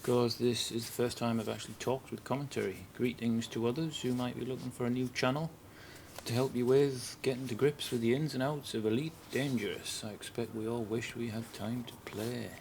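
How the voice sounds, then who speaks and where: A man from northern England, with a northern English accent, gives casual first-time commentary for a video game guide he's making, sounding hesitant and a bit nervous with many ums and uhs. His mid-range voice is creaky and darkish, with fairly even intonation and a slightly fast pace, plus a little hiss or hum.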